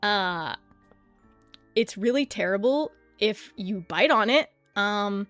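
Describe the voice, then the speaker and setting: A woman's voice: lively intonation, slow, fairly bright tone, dry recording, soft background music. Rambling woman streamer, swears a lot. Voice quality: slight lisp-like clicking from a tongue piercing. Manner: rambling, self-deprecating, swears casually; experimenting with pitching her voice deeper. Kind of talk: casual livestream chat.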